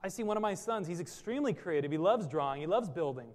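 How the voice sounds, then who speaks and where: A man's voice: high-pitched, expressive, fast, darkish tone, big-room sound. A man preaching a sermon as a pastor, earnest and full of rhetorical questions.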